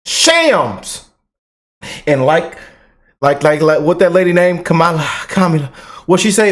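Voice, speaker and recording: A man hosting a reaction channel, talking casually and excitedly to his viewers in fast bursts. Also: on the high side. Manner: excited, animated, talks fast in bursts, drawls slow commands. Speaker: commentary channel host.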